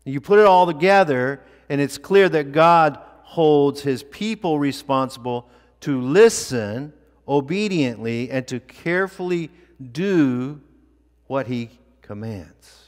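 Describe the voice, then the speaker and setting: A male pastor preaching a sermon in a church, with deliberate, emphatic delivery and repeated phrases for weight. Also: on the high side, animated, big-room sound. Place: church sanctuary.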